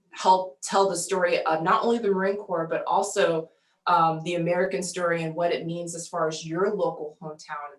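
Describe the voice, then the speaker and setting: A woman, a military band musician and outreach representative, speaking on an online panel in a measured, fluent way. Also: lowish voice. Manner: measured and fluent, with occasional ums. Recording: roomy echo.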